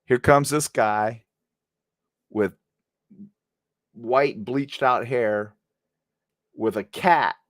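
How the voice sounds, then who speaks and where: Speaking very slowly and pausing often, a middle-aged man with a mid-range voice tells his viewers a story. He was once a police officer, and his delivery is casual, animated and aimed right at the audience.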